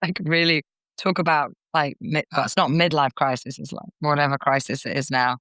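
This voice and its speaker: A woman comedian and actor chatting as a guest in an interview, lively and quick to slip into character voices. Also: sits low, no echo. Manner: animated, slips into character voices. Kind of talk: casual interview chat.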